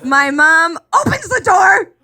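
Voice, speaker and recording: Woman, twenties, high voice, bright tone, live stand-up storytelling, self-mocking, stage mic. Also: big pitch swings, slow. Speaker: stand-up comedian. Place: live comedy club stage.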